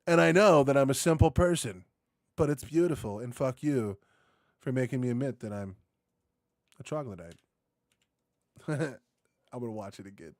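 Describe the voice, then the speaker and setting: A man doing casual reaction commentary, rambling and excitable, swearing freely and tossing in dude and bro. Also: medium pitch, moderate pace, pauses often. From United States. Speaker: reaction video host.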